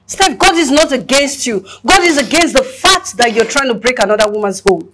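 A woman's voice: high voice, lively intonation, normal speed, background noise. An actress playing a blunt friend who insistently lectures another woman. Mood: scolding. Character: blunt scolding female friend. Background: music.

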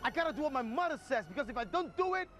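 A man's voice: very high voice, very animated, racing, a bit bright, soft background music, full character voice. An actor playing a young man who pleads with his partner and grows exasperated. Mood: pleading. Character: desperate young man torn between his partner and his mother.

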